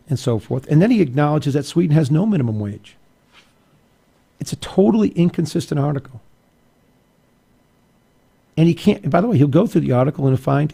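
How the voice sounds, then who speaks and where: A man's voice: a little high, vocal fry, dark tone, husky. A man hosting a political talk show, arguing emphatically and going off on asides and restarts. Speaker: radio talk show host. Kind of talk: opinionated political commentary.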